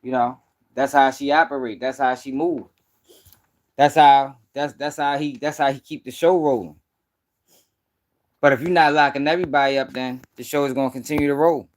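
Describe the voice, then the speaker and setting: A man's voice: medium pitch, moderate pace. Tired, profane man hosting a livestream. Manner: profane, animated, chatty, addresses viewers as y'all. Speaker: livestream news commentary host. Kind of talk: casual late-night livestream commentary.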